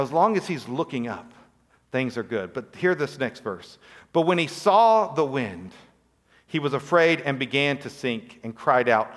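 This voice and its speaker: A man's voice: on the high side, fairly bright tone, long reverb tail. A man preaching a sermon, telling a story with acted-out quotes and rhetorical questions. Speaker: pastor.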